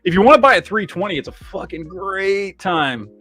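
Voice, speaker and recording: A man's voice: sits high, normal speed, soft background music. Foul-mouthed rambling man podcaster. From Michigan, USA. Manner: heavy swearing, rambling, animated. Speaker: podcast host. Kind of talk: profane casual chat reading viewer comments.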